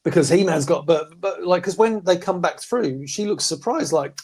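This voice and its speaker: A man chatting casually as a podcast host reviewing comics, animated and quick to mimic voices. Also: high voice, slightly rough. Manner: animated, slips into mocking voices for quotes. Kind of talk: casual chat.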